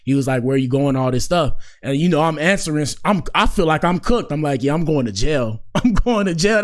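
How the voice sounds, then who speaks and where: A soft-spoken man in his twenties, a podcast host telling a story in a slangy, rambling way and repeating phrases for effect. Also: mid-range voice. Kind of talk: casual storytelling.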